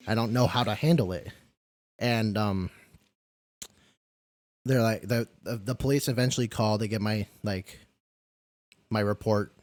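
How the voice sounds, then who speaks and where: A man's voice: on the low side, no echo. A young man telling a personal story in a candid, rambling way during a live-streamed interview, with many restarts and the odd swear word. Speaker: caregiver and podcast guest.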